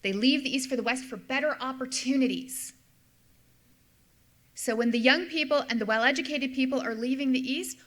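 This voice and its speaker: A woman's voice: fairly high pitch, fairly bright tone. A middle-aged woman, a history professor, giving an explanatory lecture and repeating key points for emphasis. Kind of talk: lecture with slides.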